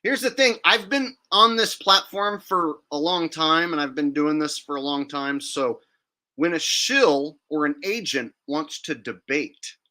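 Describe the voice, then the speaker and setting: Brief: male livestream host, fairly high voice, bright and forceful, blunt and defiant with frequent swearing. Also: lively intonation, measured pace. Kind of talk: casual livestream rant.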